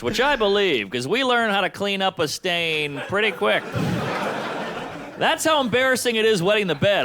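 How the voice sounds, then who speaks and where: A man in his thirties doing a stand-up comedy set, delivering punchy deadpan one-liners. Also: on the high side. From United States. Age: 30s. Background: audience laughter.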